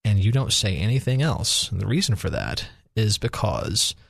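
A man's voice: fairly low pitch, sing-song, normal speed, vocal fry, husky, dry recording, clean studio sound. A man, an attorney on a radio talk show, explaining legal advice step by step. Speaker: attorney guest.

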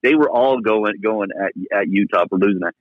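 A man hosting a sports radio talk show, animated and rising sharply when he makes a point. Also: fairly low pitch, a little fast, no room sound. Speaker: host. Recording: dull lo-fi line.

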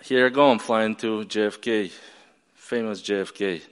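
A man's voice: fairly low pitch, steady tone, normal speed, smooth, long reverb tail. A man from West Ukraine with a Ukrainian accent, telling a personal story on stage to an audience and acting out the dialogue.

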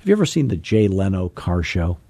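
A man's voice: sits low, sing-song, brisk, dark tone, dry recording. A middle-aged man hosting a podcast, coaching in a casual, joking, folksy way. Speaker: podcast host and real estate coach.

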